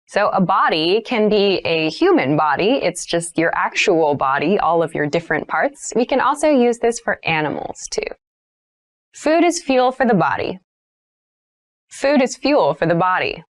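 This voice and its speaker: A woman's voice: mid-range voice, sing-song, normal speed. A woman teaching English vocabulary, repeating each word and example sentence three times and explaining them in simple, patient terms. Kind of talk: vocabulary lesson, repeating words slowly.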